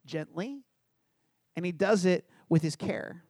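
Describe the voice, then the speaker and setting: Preaching with animation, a middle-aged Canadian man uses a high-sitting voice at normal speed to share a humorous story from his own life, acting out the conversation and joking at his own expense. He is a pastor, and the clean studio recording has no echo.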